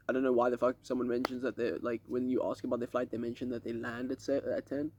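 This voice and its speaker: A young South African man, a vlogger, rambles casually through an update on a lake dock at night, slangy and swearing freely. His mid-range voice has a darkish tone and fairly even intonation, moving at a quick pace. The camera sits a few steps away, picking up slight background noise.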